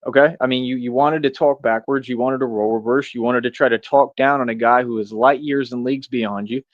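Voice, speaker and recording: A man rants straight at his audience, hammering the same rhetorical questions again and again. His voice sits at an ordinary pitch. The recording is dry and a little muffled. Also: steady tone, dry recording. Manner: confrontational, repetitive, drawn-out rhetorical questions. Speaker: streamer. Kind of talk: ranting monologue to camera.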